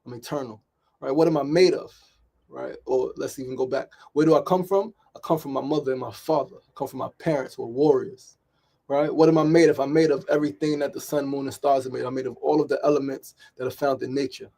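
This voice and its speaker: Fast and steady in tone, a gravelly, dark medium-pitched voice belongs to a middle-aged host from New York City. On his motivational daily talk show he is emphatic, repetitive and fond of asking "right?".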